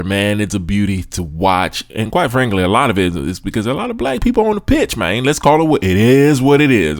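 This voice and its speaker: A man's voice: on the low side, no echo, studio quality. A man hosting a sports podcast, giving chatty, opinionated commentary with frequent asides to his listeners. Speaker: podcast host.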